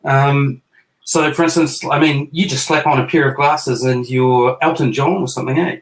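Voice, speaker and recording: A man's voice: medium pitch, fairly even intonation, normal speed, rough recording. A middle-aged man with a New Zealand accent hosting a casual chat with his kids, jokey and self-mocking as he rambles. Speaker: host.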